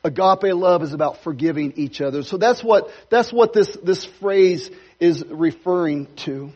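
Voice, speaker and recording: Husky high-voiced preaching man. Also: unhurried, a little mellow, lo-fi sound. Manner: conversational preaching with playful asides. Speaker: pastor. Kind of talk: sermon. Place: church sanctuary.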